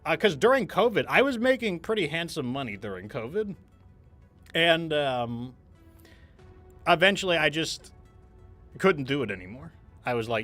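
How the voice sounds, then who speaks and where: A man's voice: on the high side, animated, a little slow, long pauses, fairly bright tone, faint music behind. A man hosting a gaming stream, telling a candid story in a rambling, casual way with frequent restarts.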